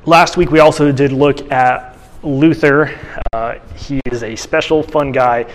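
A man's voice: medium pitch, steady tone, a little slow. Conversational male teacher in a reverberant hall. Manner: conversational, with frequent restarts and fillers. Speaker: church teacher. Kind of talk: casual teaching lecture.

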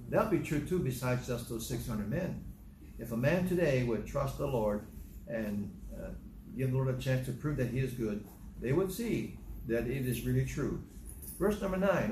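A man's voice: medium pitch, dark tone, a little hiss or hum. Man preaching in an echoey room. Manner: plain, conversational storytelling with scripture read aloud. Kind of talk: sermon teaching through a psalm.

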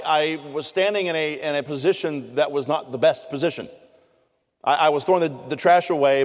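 A middle-aged man preaching a sermon, telling stories in an earnest, conversational way with frequent restarts. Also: a little high. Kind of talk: sermon with personal storytelling. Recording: long hall reverb.

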